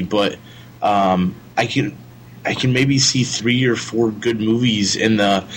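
A man's voice: lowish voice, a little hiss or hum, rough recording. A man in casual chat, talking hesitantly with many restarts and fillers.

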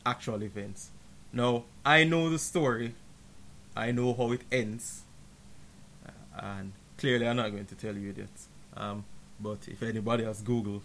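A man's voice: medium pitch, fairly bright tone, a little hiss or hum. A man co-hosting a casual movie podcast, rambling and joking with friends and breaking into mock outrage. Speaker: podcast co-host reviewing a film.

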